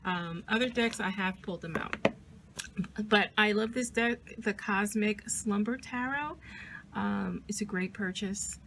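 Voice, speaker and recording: Woman host, card-deck reviewer, eager and talkative, mid-pitched, close camera, faint background noise. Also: measured pace, fairly bright tone. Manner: chatty and enthusiastic, with frequent restarts. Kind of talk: casual deck walkthrough and review. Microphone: zoomed-in camera close-up.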